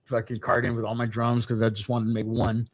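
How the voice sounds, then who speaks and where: Rambling and constantly profane, a middle-aged man shares stories as a guest on a casual podcast. He speaks in a monotone at medium pitch and a fairly quick clip.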